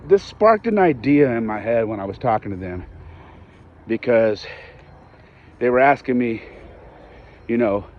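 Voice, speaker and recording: Low-voiced man in his forties telling a story. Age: 40s. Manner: retells conversations, acting out both sides. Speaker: podcast host. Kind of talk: casual storytelling. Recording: dull lo-fi audio with faint background noise.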